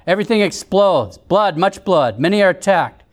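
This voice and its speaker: Male narrator, high pitch, measured solemn read. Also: animated. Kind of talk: scripted narration reading visions.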